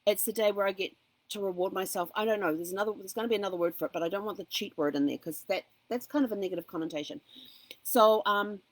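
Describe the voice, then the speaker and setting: A woman's voice: medium pitch, fast, dry recording, poor audio. A woman hosting a casual motivational talk, speaking in an earnest, encouraging way and weaving in personal asides. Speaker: host.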